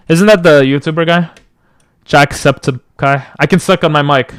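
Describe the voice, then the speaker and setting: A young man streaming from home on a close boom mic, rambling and joking as he answers chat. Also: a little slow, pauses often, fairly bright tone, clear, resonant tone, no room sound. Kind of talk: casual live-stream chat. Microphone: boom mic close to the mouth.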